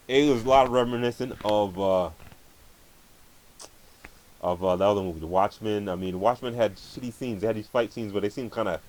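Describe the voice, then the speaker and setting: Low-voiced male vlogger, profane and rambling, stumbles through his rant. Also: low-quality recording. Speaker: vlogger ranting about movies. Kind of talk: angry profane movie rant.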